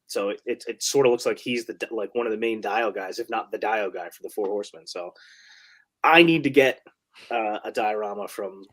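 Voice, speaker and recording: A man's voice: lowish voice, moderate pace, fairly bright tone. A man co-hosting a casual toy chat show, laid-back and chatty. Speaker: co-host.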